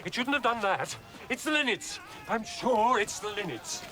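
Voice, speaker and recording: A panicking architect. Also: male voice, medium pitch, very animated, slow. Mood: anxious. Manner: anxious, excuse-making. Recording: distant voice, loud music.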